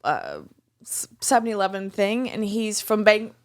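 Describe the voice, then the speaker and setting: A woman co-hosting a podcast, telling a story in casual chat, animated and full of restarts. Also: mid-range voice, unhurried. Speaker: podcast co-host.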